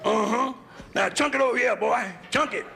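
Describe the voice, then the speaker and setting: A comedian doing a bossy Southern foreman who yells drawling commands, in a Southern US accent, on a noisy live nightclub tape. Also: extremely high pitch, moderate pace, gravelly, voice pushed up, full character voice. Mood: barking. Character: bossy Southern male foreman barking orders.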